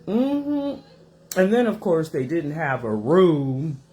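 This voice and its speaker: A woman's voice: low voice, a little slow. Woman host just chatting from her kitchen, voice swoops up and down a lot, takes her time. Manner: animated, rambling, acts out voices in her stories. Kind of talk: casual storytelling to viewers. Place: home kitchen.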